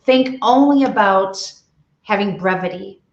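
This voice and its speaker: A woman's voice: mid-range voice, unhurried, gravelly. A middle-aged woman speaks as an interview guest, coaching emphatically and firing rhetorical questions at the listener. Her voice sits in a mid register. It comes through a roomy, slightly dull video-call line. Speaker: author and CEO, guest. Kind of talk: interview on leadership.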